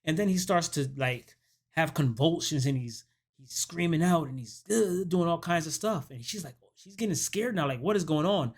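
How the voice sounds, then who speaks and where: A man's voice: a little high, normal speed. A man who hosts a movie review channel, giving a casual recap of a horror film and acting out the characters' lines as he goes. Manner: animated storytelling that acts out quoted dialogue.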